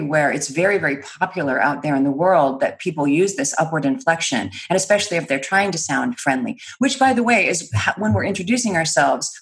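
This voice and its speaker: Articulate woman with a low voice. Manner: articulate, explanatory, laughs easily. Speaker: guest, speech and credibility trainer. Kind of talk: interview answers.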